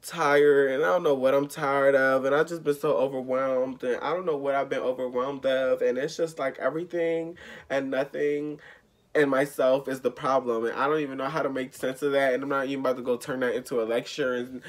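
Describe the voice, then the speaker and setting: Young vlogger from the US, rambling profane rant, exasperated, middling pitch. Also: fairly even intonation, fairly quick. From United States. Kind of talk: casual vlog rant.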